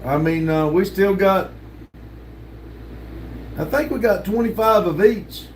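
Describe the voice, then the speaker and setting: A man's voice: sits high, slow pace, darkish tone, slight background noise. An older man, hosting a casual livestream and reading chat messages aloud in a laid-back drawl with lots of laughs. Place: home room with sticker wall.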